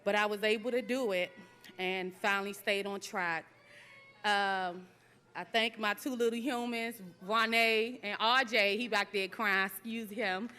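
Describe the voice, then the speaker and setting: Young woman graduate speaking at her ceremony, emotional and halting, bright clear voice. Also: mid-range voice, steady tone. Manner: emotional, halting, laughing between phrases. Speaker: graduating student. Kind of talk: graduation speech.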